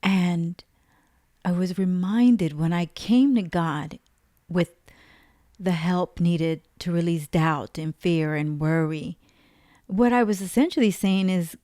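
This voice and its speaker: A woman's voice: on the low side, slow pace, dark tone, no room sound, clean studio sound. A woman giving an earnest, emotional spiritual testimony, repeating phrases for emphasis. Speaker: faith vlogger.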